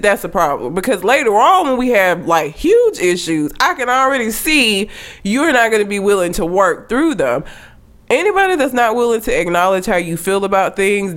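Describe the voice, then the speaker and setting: Blunt, lively-voiced woman co-host. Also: mid-range voice. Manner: blunt, profane, laughing often. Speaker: podcast co-host. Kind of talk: casual chat.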